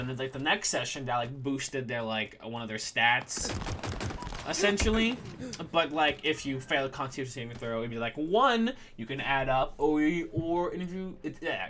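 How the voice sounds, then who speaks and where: A man's voice: mid-range voice, bright, forceful tone, slight background noise. A man streaming a game and chatting casually about running a tabletop campaign, rambling with lots of fillers and restarts. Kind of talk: casual chat while gaming.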